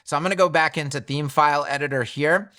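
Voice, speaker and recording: A man's voice: fairly high pitch, steady tone, fast, sharp tone. A man teaching web design in a screen-recorded tutorial, thinking aloud in a chatty way and correcting himself as he goes.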